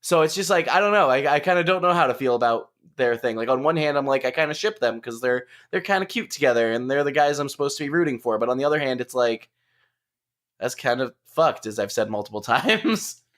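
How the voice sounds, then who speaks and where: A man's voice: medium pitch, animated, a little fast, a bit bright. A man co-hosting a podcast who talks hesitantly, searching for words and repeating himself. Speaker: podcast co-host. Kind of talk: casual chat.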